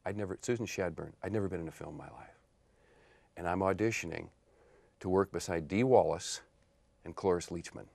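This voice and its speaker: Fifty-something guy with a low gravelly voice, swapping acting stories, dry close sound. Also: brisk, long pauses, no room sound. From Portland area, United States. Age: 50s. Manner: animated storyteller, laughs often. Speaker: actor and model guest. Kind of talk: casual interview chat.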